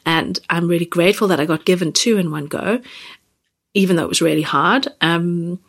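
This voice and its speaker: Husky-voiced woman, soft and halting. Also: on the low side. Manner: gentle, halting, many fillers and restarts. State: near tears. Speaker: podcast host. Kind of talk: reflective personal podcast talk.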